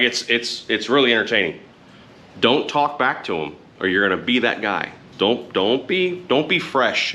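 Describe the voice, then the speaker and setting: A man's voice: on the low side, sharp tone, slight background noise. A middle-aged man chatting casually to camera as a motorcycle vlogger, rambling and frank, often correcting himself.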